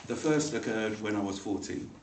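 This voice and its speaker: A man telling a funny personal story to a club audience, animated and now and then acting out the voices of the people in it. He sounds a little far from the microphone in an echoey room, with a faint noise behind him. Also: fairly low pitch, normal speed. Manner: animated, acts out voices in the story, laughs along. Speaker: speaker at a speaking club. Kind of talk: humorous personal storytelling speech. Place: meeting room.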